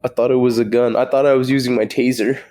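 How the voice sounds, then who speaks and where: A man's voice: mid-range voice, little pitch movement, fast, warm tone. A young man co-hosting a podcast, telling rambling, profane stories in casual chat. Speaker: podcast co-host.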